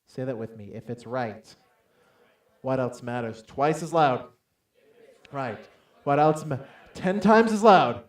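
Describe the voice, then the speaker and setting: A man giving a motivational talk from a stage to a live audience, telling a personal story with lively acted-out dialogue and calling on the crowd to answer. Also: a little high, measured pace, pauses often, reverberant. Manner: animated storytelling, acts out dialogue loudly, calls for audience responses. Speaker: motivational speaker. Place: large hall on stage.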